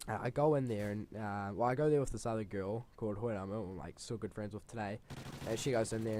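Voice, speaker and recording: A man's voice: lowish voice, a little mellow, slight background noise. A young man, a gaming channel host telling a rambling school story over gameplay, swearing freely and exaggerating.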